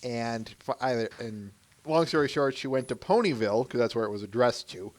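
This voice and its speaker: A man hosting a casual podcast and talking in a loose, rambling way. His voice is middle-pitched and swings widely up and down. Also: expressive, a little fast. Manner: rambling, with fillers and restarts. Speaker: podcast host.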